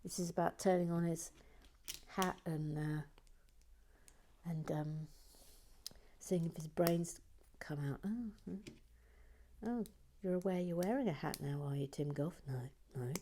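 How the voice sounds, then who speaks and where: A woman's voice: lowish voice, measured pace, long pauses, a little hiss or hum. Whispering playful woman host. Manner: playful, swings from soft whispers to excited outbursts. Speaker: host building bricks and reading chat. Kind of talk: whispered livestream chat.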